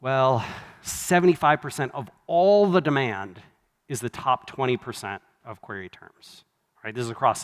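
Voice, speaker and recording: A man giving a live conference keynote, conversational and wry, with quick asides and self-corrections. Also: mid-range voice, a bit bright. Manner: wry, laughs at his own jokes. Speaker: conference speaker. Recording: long hall reverb from a live venue.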